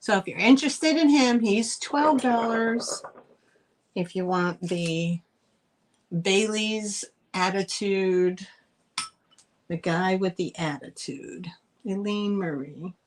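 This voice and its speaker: Middle-aged woman, live sale host; unhurried, chatty, rambles and laughs, mid-pitched voice. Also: slight background noise. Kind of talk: casual live-stream selling chat.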